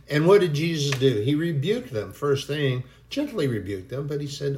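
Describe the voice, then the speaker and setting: A man preaching a sermon, earnest and animated, who now and then acts out frightened voices. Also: fairly high pitch, moderate pace, hardly any pauses. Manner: earnest, animated preaching with sudden bursts of acted panic. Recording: echoey room.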